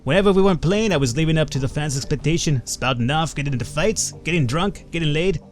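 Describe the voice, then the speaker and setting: A man voicing a rowdy, gruff older male punk-rocker mage in a put-on Irish accent while reading game dialogue. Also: fairly high pitch, quick pace, soft background music, voice pushed up, natural voice. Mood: swaggering.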